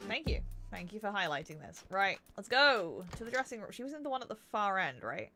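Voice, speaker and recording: A woman's voice: mid-range voice, very animated, a little fast, sharp tone. A woman streaming a game, chatting playfully and reading the dialogue aloud. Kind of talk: game playthrough commentary. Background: faint game music.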